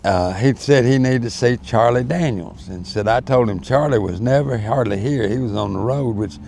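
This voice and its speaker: A man's voice: mid-range voice, normal speed, creaky, darkish tone, slight background noise. An older man, telling folksy, rambling stories as an interview guest. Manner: rambling, folksy storyteller with many fillers. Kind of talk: storytelling in casual chat.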